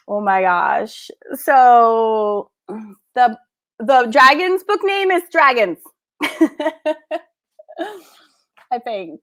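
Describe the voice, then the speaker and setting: A woman's voice: fairly high pitch, animated, drawn-out words, long pauses, fairly bright tone. A woman hosting a casual livestream, unboxing art books and gushing with gasps and laughs. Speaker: art school host.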